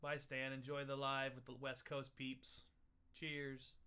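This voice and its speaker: Bright-voiced, playful young man. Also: mid-range voice, completely flat delivery, a little slow, clear, resonant tone. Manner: playful, jokey, breaks into laughs. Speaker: livestream host. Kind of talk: casual tasting livestream chat.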